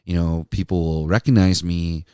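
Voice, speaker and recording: A former radio DJ who now hosts a podcast delivers a casual storytelling monologue at normal speed. His low voice is fairly even, a little mellow, and clean, recorded without echo in clean studio sound. He keeps it laid-back, laughs a lot, and says "dude" and "man."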